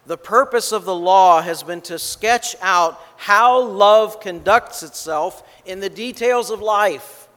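Male preacher, sermon, slow and deliberate with stressed key words. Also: sits high, fairly bright tone, big-room sound. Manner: measured, emphatic delivery.

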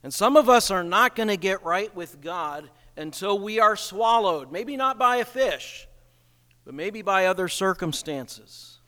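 A male pastor preaching a sermon in a church, slow and emphatic, asking rhetorical questions. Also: high voice, expressive, sharp tone, big-room sound.

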